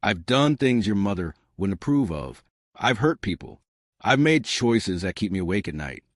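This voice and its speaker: A steady, guarded crime boss, read by a man in a low voice. He speaks quietly and with restraint, yet his pitch moves a lot from line to line. The sound is dry and close. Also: normal speed, dry recording. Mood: solemn. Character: calm, guarded male crime boss, adult.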